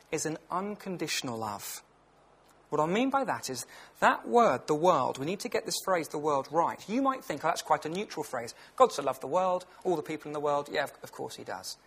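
A man's voice: fairly high pitch, vocal fry, a bit bright, husky. A British man in his thirties giving a lunchtime Bible talk in a conversational, earnest way, with personal stories. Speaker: preacher.

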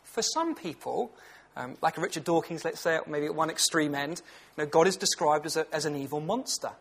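A man's voice: fairly high pitch, a little fast, gravelly, breathy edge. A British man in his thirties giving a lunchtime Bible talk in a conversational, earnest way, with personal stories. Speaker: preacher.

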